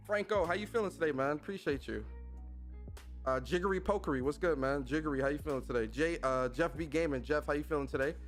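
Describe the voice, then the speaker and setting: A man hosting a casual livestream podcast, talking with energy and plenty of slang as he greets his chat. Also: a little high. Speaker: podcast host.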